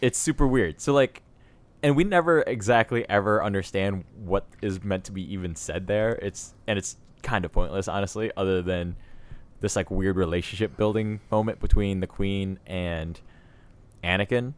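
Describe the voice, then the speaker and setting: A man with a low voice co-hosts a casual podcast conversation. He speaks in a relaxed, easygoing way, with plenty of fillers and agreeing asides. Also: moderate pace. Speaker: podcast co-host. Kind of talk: casual chat.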